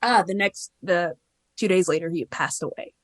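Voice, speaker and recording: A woman's voice: fairly low pitch, moderate pace, no echo. A woman in her thirties, a podcast guest telling her story in a candid, rambling way and acting out the voices she quotes. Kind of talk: casual interview storytelling.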